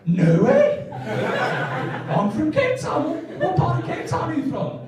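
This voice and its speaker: An eager South African businessman gushes down the phone in a high, bright voice, as a comedian puts him on. The sound is roomy and distant, caught across a big comedy club with an audience murmuring. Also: wildly swooping pitch, slow, a crowd in the background, exaggerated voice. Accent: put-on South African. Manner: eager, gushing, high-pitched. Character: excitable male business client on the phone. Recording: echoey club, mic from far off, audience.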